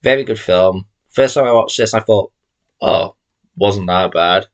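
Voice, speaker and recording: A man speaks in a rather low voice at an unhurried, drawn-out pace. He talks casually and chattily to camera, wandering between thoughts and landing hard on his opinions. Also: lo-fi sound. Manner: chatty, rambling, emphatic opinions. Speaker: channel host showing his film collection. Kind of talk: casual vlog talk to camera.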